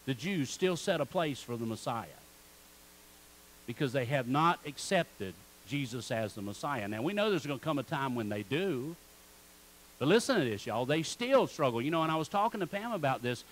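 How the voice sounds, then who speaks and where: Pastor leading call-and-response. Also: male voice, fairly high pitch, fairly bright tone, slight background noise, low-quality recording. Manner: calls on the congregation to repeat words back. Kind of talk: sermon. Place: church sanctuary.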